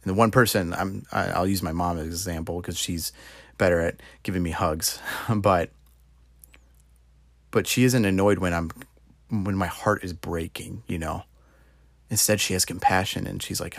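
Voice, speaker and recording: A young man speaks earnestly in a casual devotional talk, his voice low and gravelly. He leans on "you know" and loose, conversational phrasing. The sound is dry and close, with no room around it. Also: fairly even intonation, moderate pace, no room sound. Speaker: Christian speaker.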